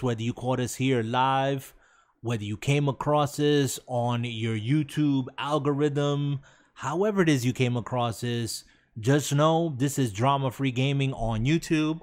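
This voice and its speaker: A man hosting a casual gaming podcast live stream, reading chat comments aloud in a laid-back way. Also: mid-range voice. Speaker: podcast host.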